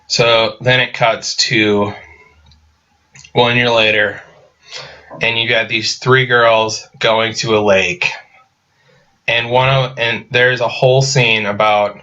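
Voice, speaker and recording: Male reviewer, sarcastic and rambling with restarts; bright, forceful voice on a muffled recording. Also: medium pitch, level tone, slow, long pauses. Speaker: movie reviewer. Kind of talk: casual video review.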